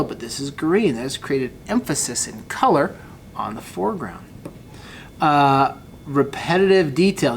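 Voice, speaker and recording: A man's voice: a little high, lively intonation, unhurried, a little hiss or hum. A man teaching a photography class, talking casually through example photos and addressing his students directly. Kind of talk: recorded class lecture.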